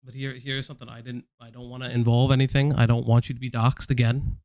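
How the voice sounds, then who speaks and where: A man's voice: medium pitch, flat delivery, quick pace, darkish tone, no echo. Man, stream host, confrontational, repeats himself, dry. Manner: confrontational, repetitive, addressing someone directly. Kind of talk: livestream commentary.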